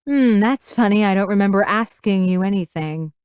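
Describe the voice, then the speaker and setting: A woman's voice: mid-range voice, normal speed, darkish tone, smooth, dry recording, studio quality, natural voice. A woman voicing an exasperated young woman who argues back defensively with her mother.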